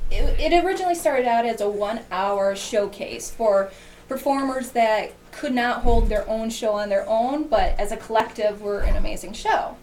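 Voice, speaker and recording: Chatty guest, Midwestern woman with a Wisconsin accent, bright laugh, faint hiss behind. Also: on the high side, reverberant, poor audio. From American Midwest. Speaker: guest burlesque show producer. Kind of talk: casual chat.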